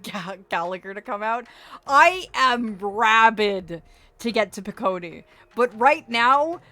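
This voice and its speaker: A woman's voice: mid-range voice, bright, forceful tone. A woman streaming a game, chatting casually and theorizing in a playfully dramatic way.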